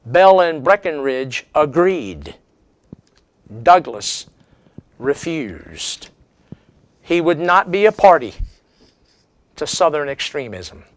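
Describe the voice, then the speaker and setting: A man's voice: on the high side, very animated, takes it slowly, pauses often, no echo. A man giving a history lecture as a seminar speaker, telling it as a dramatic story with strong emphasis.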